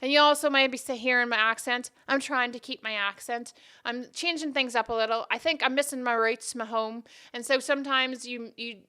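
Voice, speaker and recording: A woman's voice: fairly high pitch, steady tone, brisk, pushed and bright, smooth. A woman hosting her own podcast, chatting casually and rambling off on tangents in a self-deprecating way. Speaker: podcast host. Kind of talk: casual solo podcast chat.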